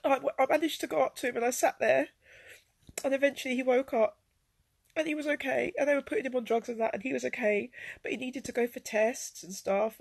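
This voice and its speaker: Woman vlogger, gravelly husky tone, rambling personal story, dry close sound. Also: no echo. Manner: rambling, with many fillers and restarts; swings from low and quiet to loud and high-pitched. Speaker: vlogger telling her life story.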